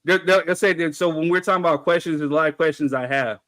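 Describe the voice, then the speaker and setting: Man host, slightly high voice, loose joking podcast banter. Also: quick pace, fairly bright tone, dry recording. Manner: joking, stalling, reads out viewer comments. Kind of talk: casual chat.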